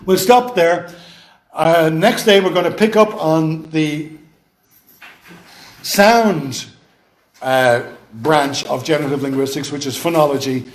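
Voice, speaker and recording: A man's voice: fairly high pitch, slow, pauses often. A man with an Irish accent giving a university lecture, explaining step by step with rhetorical questions and a playful touch. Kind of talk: classroom lecture. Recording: echoey lecture room.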